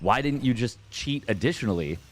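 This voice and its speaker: A man's voice: medium pitch, lively intonation, brisk, natural voice. A man voicing a naive young boy, whiny and full of questions, in a retold comic scene. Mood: questioning.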